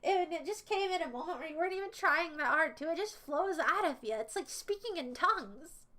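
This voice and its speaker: Super high-pitched young woman streamer, bright sharp tone, giggly rambly chat with viewers. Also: fairly quick. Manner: rambling and jokey, repeats catchphrases; giggly, squeals when excited. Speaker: livestreamer.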